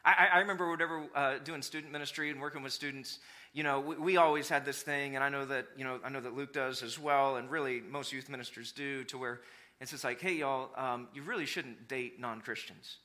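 A man's voice: medium pitch, quick pace. A man preaching a sermon in a church, acting out voices to make his points with humor. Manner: animated, acts out voices of people for humor. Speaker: pastor.

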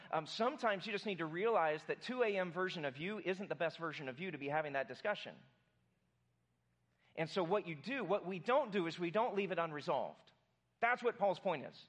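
A man's voice: high voice, animated, brisk. A man preaching a sermon to his congregation, conversational and joking with the room. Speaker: pastor.

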